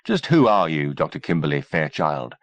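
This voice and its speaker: A man's voice: rumbling low, big pitch swings, moderate pace, no room sound, highs cut off, voice pushed down. A man voicing a blunt, tough army sergeant who speaks dryly, in an audiobook reading.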